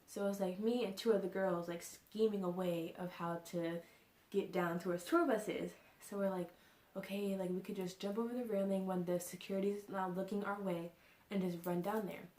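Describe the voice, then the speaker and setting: A woman's voice: medium pitch, fairly even intonation, moderate pace, a little mellow. A young woman vlogger telling a casual storytime, rambling and full of fillers like "like" and "you know". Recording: echoey room.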